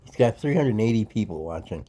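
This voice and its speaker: A male podcast co-host who heckles the host bluntly. His voice sits lowish and sounds dark and mellow. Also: expressive, fast. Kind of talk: casual heckling chat.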